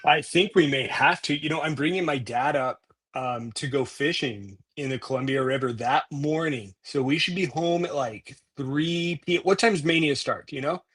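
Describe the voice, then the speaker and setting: Male co-host, slightly high voice, jokey and easygoing. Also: moderate pace, hardly any pauses, fairly bright tone, breathy edge. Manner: laughing, playful, short reactions. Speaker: podcast co-host. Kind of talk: casual podcast chat.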